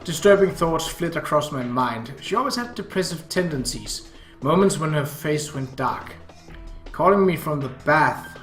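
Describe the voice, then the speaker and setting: A man's voice: a little high, expressive, normal speed, a bit bright. A man narrating a story in first person with a tense, urgent delivery, recorded in a roomy space with faint music.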